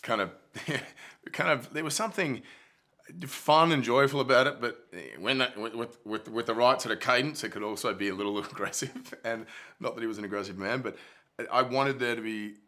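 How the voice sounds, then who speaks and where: Bright-voiced actor chatting casually. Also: male voice, mid-range voice, fairly quick. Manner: loose and chatty, full of fillers. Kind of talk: casual interview answers.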